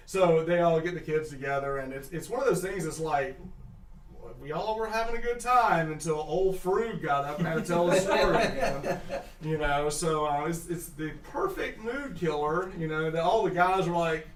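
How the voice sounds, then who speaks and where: A man, narrating a tabletop game as game master in an excitable, animated way. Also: on the high side, echoey room, distant mic. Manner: animated, excitable, quick asides.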